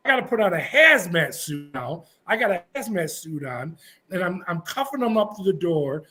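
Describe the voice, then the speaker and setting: Man, middle-aged, high voice, animated storyteller, blunt, former prison officer. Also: normal speed. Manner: vivid, blunt anecdotes with frequent restarts.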